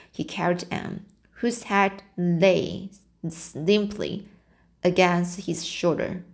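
Woman, audiobook reader, slow, lowish voice, halting, restarts often. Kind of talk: reading a novel aloud.

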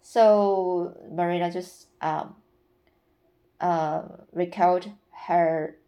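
A woman's voice: on the low side, fairly even intonation, extremely slow, muffled recording. A woman reading a novel aloud, then commenting on it in a hesitant way with many fillers. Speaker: reader.

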